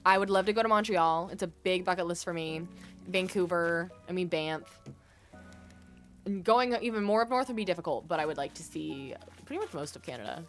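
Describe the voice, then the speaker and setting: A woman's voice: fairly low pitch, lively intonation, brisk, soft background music. A young woman from the American Midwest with a Midwestern accent, chatting casually with viewers while streaming a game and drawing out words for drama. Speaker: gaming streamer.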